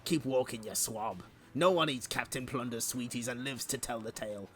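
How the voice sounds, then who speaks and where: A man's voice: mid-range voice, moderate pace, fairly bright tone, faint music behind, natural voice. A man voicing a greedy, bossy male pirate captain who barks orders in a comic read-along. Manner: barking orders.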